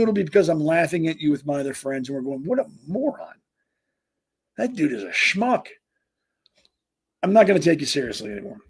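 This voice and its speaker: A man with a somewhat high, husky voice rants as a podcast host. He hammers his points again and again and often stumbles into restarts as he pushes ahead. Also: a little mellow. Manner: emphatic, repetitive, stumbling restarts. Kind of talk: ranting political commentary.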